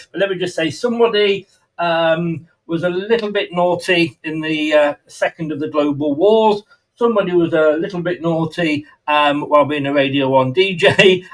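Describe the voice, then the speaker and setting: A man's voice: on the high side, rough recording. A man hosting a fan channel talk show, joking and rambling with frequent laughs. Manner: jokey, rambling, laughs often. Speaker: podcast host. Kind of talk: casual chat.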